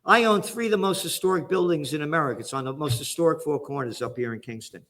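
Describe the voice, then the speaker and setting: A man's voice: on the high side, fast talker, fairly bright tone. Angry New York man ranting. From the Bronx, New York. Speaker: guest commentator. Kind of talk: heated political commentary.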